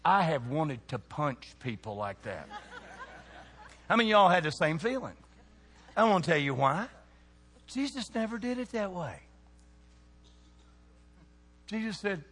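A man preaching a sermon to young people, animated and throwing questions out to the crowd. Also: high voice, measured pace, pauses often, breathy edge. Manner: animated, asks the audience questions. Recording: long hall reverb.

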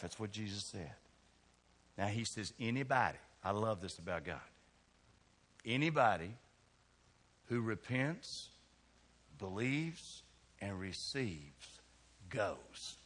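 A man with a Kentucky accent preaches a sermon in a church, folksy and teasing as he calls on people in the pews. His voice is bright and forceful, and it rings out into a long-reverb hall. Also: lowish voice, very animated, slow pace, long pauses, breathy edge. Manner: folksy, teasing congregation members by name. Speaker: pastor. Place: church sanctuary.

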